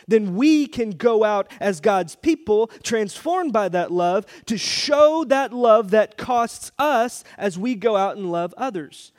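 A man pastor preaching a sermon, telling a family story with playful asides and repeated phrases. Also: sits high.

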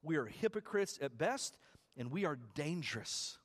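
A man preaching a sermon as pastor, talking conversationally, repeating words, and building to loud, high climaxes. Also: very animated, measured pace.

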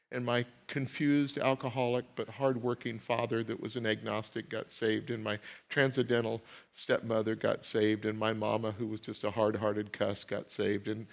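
A middle-aged man preaching a sermon, swinging between loud rising questions and low, quiet asides. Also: gravelly. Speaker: pastor. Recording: long hall reverb.

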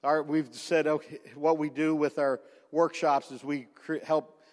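A man pastor telling a personal story in a sermon, animated, with frequent restarts and repeated words. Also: on the high side, measured pace, in a large hall.

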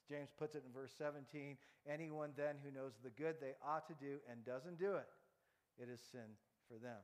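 A man's voice: fairly high pitch, in a large hall. A male pastor preaching a sermon, telling stories, asking the congregation to repeat after him, and often restarting words. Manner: storytelling, interactive, repeats words.

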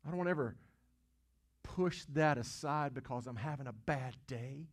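A man's voice: mid-range voice, normal speed. A man preaching a sermon. He asks the congregation questions, repeats words as he goes, and swells to emphatic peaks. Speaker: pastor.

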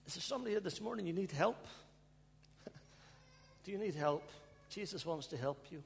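A male pastor preaching and praying, pleading with his congregation, now and then breaking into soft laughter and sighs. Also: sits high, expressive, normal speed, creaky, pauses often. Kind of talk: emotional sermon and prayer. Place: church hall. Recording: long church reverb, faint hum.

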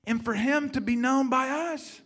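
A man preaching a sermon, emphatic and stammering through restarts, asking his congregation rhetorical questions and swinging between loud emphasis and soft, hushed lines. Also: extremely high pitch, unhurried.

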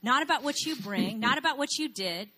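A woman's voice: high-pitched, expressive, brisk, sharp tone. A woman speaking in a sermon, telling a personal story and asking rhetorical questions.

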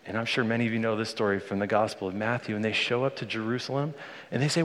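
A man in his thirties gives a sermon in a church sanctuary, talking to the congregation in a warm, conversational way. His voice sits a little low, and a long reverb trails after his words in the large hall. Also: fairly even intonation, quick pace. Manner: conversational, earnest, speaks to the congregation directly. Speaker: pastor.

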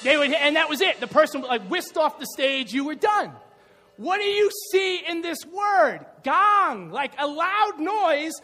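A middle-aged male pastor preaching a lively sermon, shouting at the peaks and joking in playful asides. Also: very high-pitched, unhurried, soft background music. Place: church. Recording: reverberant church hall.

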